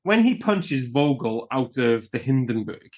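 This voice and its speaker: A man's voice: medium pitch, very animated, unhurried, darkish tone. A man co-hosting a podcast, chatting casually about a film in a jokey, loose way that includes casual swearing. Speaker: podcast co-host.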